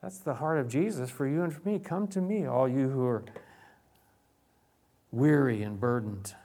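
A man preaches from the pulpit in an ordinary, middle-pitched voice. He stumbles and repeats words, then leans into loud, drawn-out emphasis before sinking into hushed, almost whispered phrases. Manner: repeats words and restarts often. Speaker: pastor. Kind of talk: sermon.

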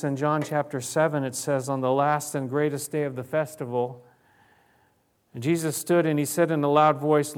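A man preaching a sermon as a pastor, repeating words and restarting, swinging between loud emphasis and hushed, near-whispered lines. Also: mid-range voice.

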